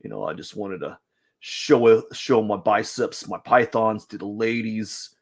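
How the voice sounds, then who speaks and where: A man putting on a deep, drawling voice for a boastful gym bro showing off his arms. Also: a little slow, gravelly. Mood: smug.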